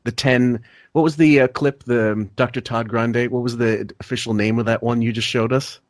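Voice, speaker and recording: A man's voice: medium pitch, fairly even intonation, normal speed, no room sound, studio quality. A man hosting a podcast, talking casually with lots of stammering and restarts. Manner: stammering, many fillers and restarts. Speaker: podcast host.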